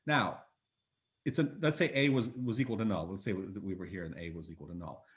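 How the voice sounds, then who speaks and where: A man's voice: deep voice, brisk, fairly bright tone. A man giving a university lecture over a video call, chatty and thinking aloud with many fillers and restarts. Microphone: computer mic on video call.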